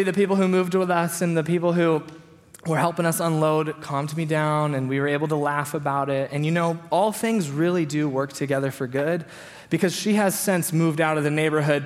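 A man's voice: on the high side, moderate pace. A pastor in his thirties preaches to his congregation, and his slightly raised voice carries a long reverb from the hall. He tells his stories with animation and voices the other people in them along the way. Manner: storytelling, animated quotes of himself and others. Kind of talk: sermon. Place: church hall.

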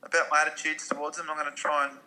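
A man's voice: on the high side, flat delivery, very fast, pushed and bright. A man co-hosting a podcast with laid-back, jokey banter. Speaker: podcast co-host. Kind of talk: casual podcast chat.

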